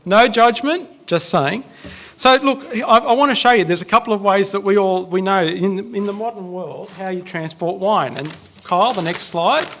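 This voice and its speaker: A man's voice: high voice, gravelly, a bit bright. A man with an Australian accent preaching a casual, chatty sermon in a church, joking with the congregation.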